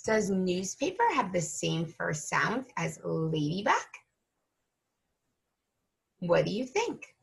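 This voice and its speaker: A woman teacher leading an early-reading lesson for young children, slow and patient, stretching out each sound. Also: lowish voice, very animated, creaky.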